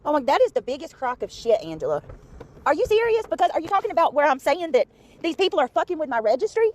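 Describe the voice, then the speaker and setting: A woman's voice: high-pitched, big pitch swings, fast talker. A woman livestreamer firing back defensively, indignant and swearing. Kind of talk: heated livestream reply.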